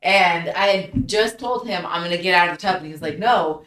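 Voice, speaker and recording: A woman's voice: on the low side, brisk, fairly bright tone. Laughing woman, roomy and far off. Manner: profane, laughing storyteller, filler-heavy. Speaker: podcast co-host. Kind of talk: casual storytelling chat. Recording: roomy and a bit far from the mic.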